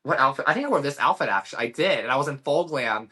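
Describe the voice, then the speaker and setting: Fast, very bright young man. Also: mid-range voice. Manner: animated storyteller, acts out quoted dialogue. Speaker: podcast guest, social media creator. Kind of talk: casual podcast chat.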